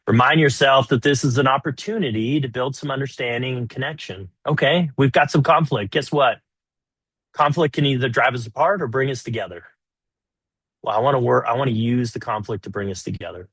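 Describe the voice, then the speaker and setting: A man's voice: medium pitch, fairly quick, fairly bright tone, breathy edge, no room sound. A man coaching on marriage in a webinar, talking conversationally and often checking in with "right?". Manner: acts out example dialogues. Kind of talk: webinar teaching.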